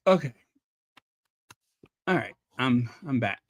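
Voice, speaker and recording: A man's voice: a little high, animated, unhurried, fairly bright tone, no room sound, studio quality. A man hosting a casual livestream, reading viewers' messages aloud in a chatty, apologetic way and laughing nervously. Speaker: channel host reading live chat.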